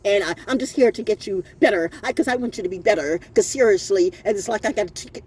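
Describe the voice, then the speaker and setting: A woman's voice: medium pitch, expressive, quick pace, few pauses, a little mellow, a little hiss or hum. A middle-aged woman, ranting in an unscripted monologue, profane and laughing often. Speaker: vlogger.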